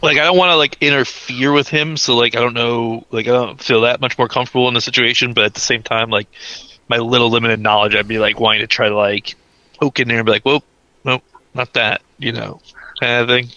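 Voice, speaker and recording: Bright-voiced man rambling as a player. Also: medium pitch, steady tone, fast, no room sound, highs cut off. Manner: rambling, full of "like" fillers. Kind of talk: describing a character's actions in a tabletop game.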